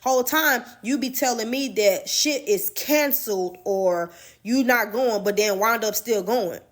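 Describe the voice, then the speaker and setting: A woman with a somewhat high voice tells a personal story in a loose, conversational way. She leans on slang and swearing, talking straight to the listener. It is a casual storytime monologue. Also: a little slow. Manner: loose, slangy, profane telling.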